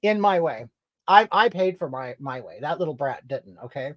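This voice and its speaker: Drag-style performer putting on a loud rude entitled lady, swoops all over while she scolds the chat, stays mid pitch. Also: lively intonation, normal speed. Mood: scolding. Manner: brash, indignant, scolding, rambling. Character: crude, entitled, brash middle-aged woman. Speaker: comedy livestreamer reading comments in character. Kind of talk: improvised character comedy.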